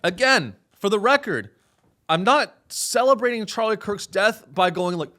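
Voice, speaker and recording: A young man hosting a comedy podcast, delivering a sarcastic monologue that swings between deadpan and exasperated. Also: sits high, normal speed.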